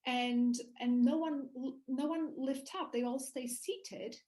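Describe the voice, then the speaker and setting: A woman with a slightly high voice tells her own story as an interview guest. She speaks with animation and often trips over and restarts her sentences, in a relaxed, conversational way. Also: takes it slowly, poor audio.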